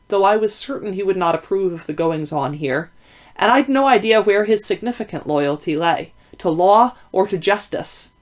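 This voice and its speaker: A woman narrating a novel aloud in a steady, clear storytelling manner. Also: fairly low pitch. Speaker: reader. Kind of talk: audiobook narration.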